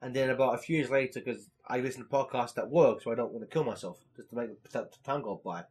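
A man's voice: mid-range voice, fast, darkish tone. A young man co-hosting a podcast in casual chat, rambling with lots of fillers and swearing. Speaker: podcast co-host.

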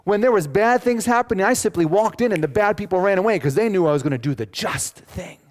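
Pastor putting on a frustrated, pleading Job. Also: male voice, expressive, fast. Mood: exasperated pleading. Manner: high, strained, pleading cries. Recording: long church reverb.

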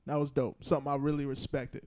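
A man co-hosting a podcast, talking in relaxed slangy banter with friends. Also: mid-range voice, fast. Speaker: podcast co-host. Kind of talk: casual chat.

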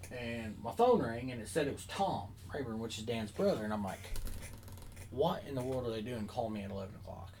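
A man's voice: medium pitch, a little hiss or hum, low-quality recording. A man chatting casually on a podcast, telling a long story with lots of fillers and asides. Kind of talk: casual chat.

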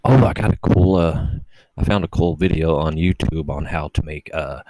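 A man's voice: rumbling low, steady tone, normal speed, a little mellow, dry recording, poor audio. A man hosting his own solo podcast, rambling casually and swearing, mocking himself as he goes. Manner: rambling, profane, self-mocking. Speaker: podcast host.

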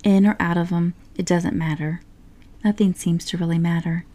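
A woman's voice: lowish voice, fairly even intonation, moderate pace, warm tone, close to an everyday voice. A woman voicing a cheerful, boat-loving male water rat in a whispered role-play from a storybook, hearty and dreamy. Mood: easygoing. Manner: hearty, confident, dreamy about boats.

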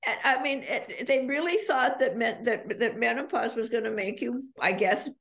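A middle-aged woman, an author guest on a podcast, chatting and reading passages from her book in an animated, storytelling way. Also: a little high, normal speed. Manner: animated storyteller who reads passages aloud. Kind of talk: podcast conversation.

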